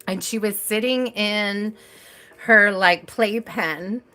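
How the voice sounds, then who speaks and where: Chatty bright-voiced woman live streaming. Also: mid-range voice, slow. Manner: chatty storyteller, laughs often. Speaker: tarot reader hosting a live stream. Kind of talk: casual chat on a live stream.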